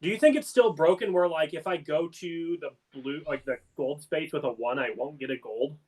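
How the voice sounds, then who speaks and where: A man's voice: on the high side, moderate pace, a little mellow. Chatty, joking man on a game stream. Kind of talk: casual game-stream chat.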